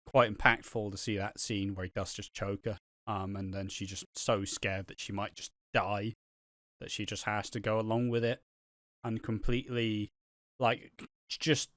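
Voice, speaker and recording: A man's voice: fairly low pitch, fairly bright tone, dry recording, studio quality. A man hosting a casual review podcast, rambling with many fillers and the odd swear word. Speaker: podcast host reviewing a soap opera. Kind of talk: casual chat.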